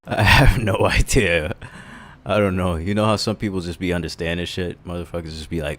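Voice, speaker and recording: Low male host, crude joking reaction commentary, laughs a lot. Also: fairly even intonation, fairly quick, a bit bright. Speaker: stream host.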